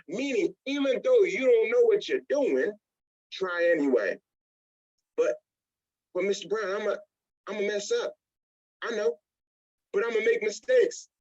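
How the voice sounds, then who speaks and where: With a high-sitting voice, measured pace and long pauses, this man leads a motivational business training, the recording's highs cut off. As a network marketing trainer, he animatedly acts out little scenes in other voices.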